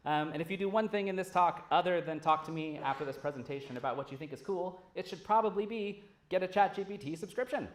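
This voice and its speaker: A man giving a casual, animated conference talk, swearing freely as he speaks. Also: fairly high pitch. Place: large lecture hall. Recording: roomy hall sound.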